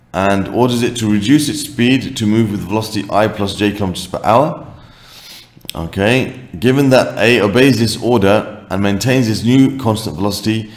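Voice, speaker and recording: A man with a low voice walks through a maths exercise step by step. He thinks aloud, fills gaps with "okay" and fixes his own slips as he writes. The room gives his voice a noticeable echo. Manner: talks while writing, thinking aloud with frequent "okay"s and self-corrections. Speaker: maths teacher. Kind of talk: worked-example maths tutorial.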